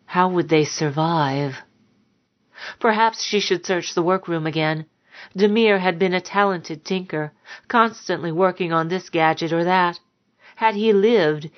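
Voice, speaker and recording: A woman narrating a dark story in a measured, somber way, on a dull lo-fi recording. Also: fairly low pitch. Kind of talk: audiobook narration.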